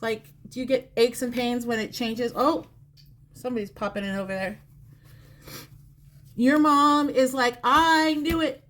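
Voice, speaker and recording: A woman's voice: a little high, fairly even intonation, a little slow, long pauses, a bit bright. A woman giving a psychic reading on a live stream, talking to the viewer directly in a chatty, repetitive way. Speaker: psychic reader. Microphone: phone or close mic on a live stream.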